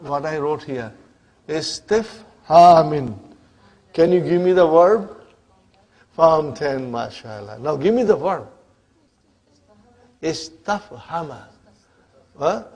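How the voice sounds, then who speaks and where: Lecturing on Arabic grammar, a man with a fairly high, darkish-toned voice keeps asking his class "huh?" and "are you with me?" He puts questions to the students and then answers them himself.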